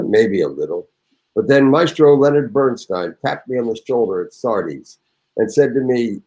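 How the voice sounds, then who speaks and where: Older guy around 70, actor guest, loud theatrical storyteller, reads his memoir then just chats. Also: lowish voice, expressive, moderate pace, low-quality recording. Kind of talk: reading a memoir anecdote and casual chat.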